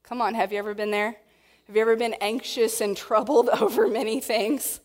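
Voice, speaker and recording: Woman preacher, sermon, animated delivery, slightly high voice, echoing church hall. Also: a little fast. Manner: animated, acts out quotes. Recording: long reverb of a hall.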